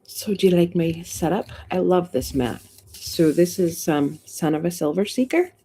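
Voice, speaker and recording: A woman's voice: on the low side, lively intonation, moderate pace, dark tone, a little hiss or hum. A middle-aged woman with a Boston accent, hosting a live stream in casual chat, greeting viewers and laughing often.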